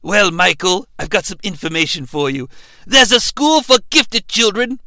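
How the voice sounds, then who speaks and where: A man's voice: sits high, lively intonation, normal speed, gravelly, pushed and bright, dry recording, heavily acted. A man putting on the voice of a pompous older male doctor who speaks in a mock-solemn, lecturing way in a comedy review.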